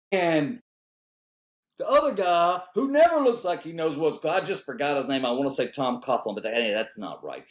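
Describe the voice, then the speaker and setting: Guy ranting comedy bits, voice jumps all over, kinda echoey room. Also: a little fast. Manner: animated, swings between high outbursts and low mutters. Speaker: comedian host. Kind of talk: comedic monologue. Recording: roomy echo.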